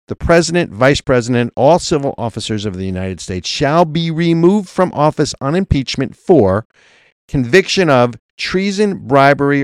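A man's voice: mid-range voice, no room sound, studio quality. A man co-hosting a political talk show, arguing emphatically and reading legal text aloud. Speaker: co-host.

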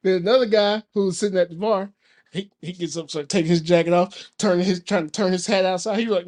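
A man's voice: sits high, quick pace. A man, co-hosting a podcast and telling a story in casual chat, acting out the people in it. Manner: animated storyteller, acts out quoted voices. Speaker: podcast co-host.

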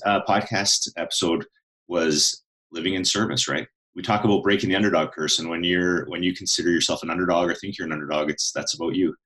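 A man hosts a podcast in a very deep voice. He is upbeat and casual, thanking his guest warmly. He often restarts his phrases and repeats words. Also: rough recording. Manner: enthusiastic, casual, repeats himself. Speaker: podcast host. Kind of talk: podcast interview.

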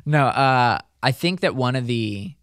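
A man's voice: mid-range voice, lively intonation, brisk, fairly bright tone, no echo, studio quality. A man co-hosting a podcast, talking in a rambling, self-deprecating way with lots of fillers. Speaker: podcast co-host. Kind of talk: casual podcast chat.

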